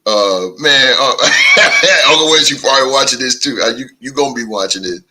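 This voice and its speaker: Man, podcast host, bright forceful voice, mid pitch, animated casual storytelling. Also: low-quality recording. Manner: animated storytelling, drawn-out laughs. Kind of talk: casual chat.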